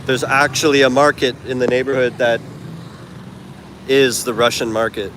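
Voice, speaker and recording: A man of ordinary pitch chats loosely into his handheld phone while walking an outdoor market. He rambles and corrects himself mid-sentence. Traffic and street bustle come through clearly behind his voice. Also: steady tone, moderate pace. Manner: rambling, chatty, self-correcting asides. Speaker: travel vlogger. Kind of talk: casual walking vlog. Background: traffic and street noise.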